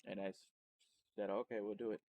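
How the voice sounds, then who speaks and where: A man, a streamer and podcast host, telling his story in a loose, rambling way, full of restarts and self-corrections, and getting animated when he retells exciting moments. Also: fairly low pitch, brisk, narrow, tinny audio. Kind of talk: casual personal storytelling.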